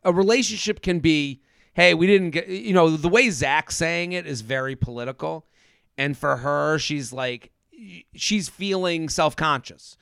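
Man, high bright voice, animated casual podcast chat, dry close mic. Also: a little slow, creaky, clear, resonant tone, dry recording. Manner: animated, acts out quotes in mimicking voices, laughs often. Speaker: podcast co-host. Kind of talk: casual chat recapping a reality show.

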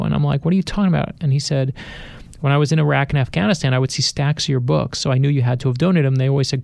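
A best-selling author, a middle-aged man, shares personal anecdotes as a guest in a radio studio interview, acting out the voices of people he quotes. His mid-range voice is gravelly and a little mellow, with no room sound.

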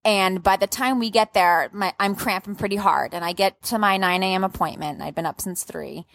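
A woman in casual conversation who tells her story with plenty of animation, swearing freely and letting her pitch jump high and drop low. She has a mid-pitched voice, and the recording is close and dry, with no room sound. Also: normal speed, creaky, a bit bright, no echo. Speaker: podcast guest.

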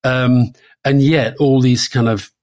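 Slow and darkish in tone, his medium-pitched voice stays fairly even in intonation. He's a man in his sixties co-hosting a political podcast, speaking conversationally with frequent fillers and restarts.

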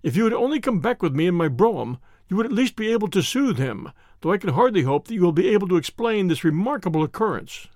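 Guy doing an earnest doctor telling his story, lively ups and downs. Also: high-pitched, quick pace, no echo, clean studio sound.

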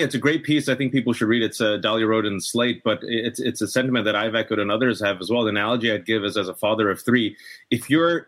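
A man's voice: medium pitch, fairly bright tone. A middle-aged man speaking as a guest in a political discussion, impassioned and emphatic. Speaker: podcast guest.

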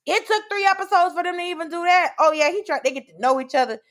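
Speaking fast in an extremely high, slightly bright voice, a female comedian chats as a guest. Also a podcast host herself, she's playful in this animated casual talk, acting out reactions and leaning heavily on "like" and "girl."

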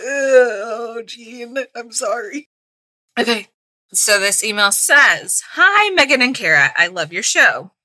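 Bright-voiced woman podcast cohost, chatty, giggles a lot, reading listener emails. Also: on the high side, very animated, takes it slowly, pauses often, poor audio. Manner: giggly and chatty, laughs often. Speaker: podcast co-host.

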